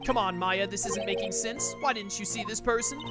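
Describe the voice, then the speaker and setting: A woman's voice: medium pitch, brisk, close to an everyday voice. A woman reading the lines of an earnest young male defense lawyer, questioning insistently, with game music underneath. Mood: pressing. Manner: pressing, questioning.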